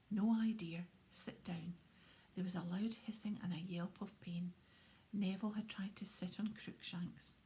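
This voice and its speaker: Woman reading a story half whispered, mellow dark tone, faint hiss behind. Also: mid-range voice, poor audio. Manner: hushed, breathy reading with soft voiced character lines. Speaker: audiobook reader. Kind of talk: storybook narration.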